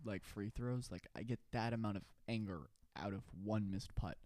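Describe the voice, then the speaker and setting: A young man chatting casually as a podcast co-host, animated and self-deprecating. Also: on the low side, moderate pace, no echo. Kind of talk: casual chat.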